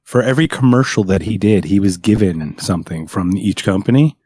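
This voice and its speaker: A man co-hosting a podcast, trading jokes in animated banter. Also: lowish voice, fairly quick, husky, no room sound. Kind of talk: casual chat.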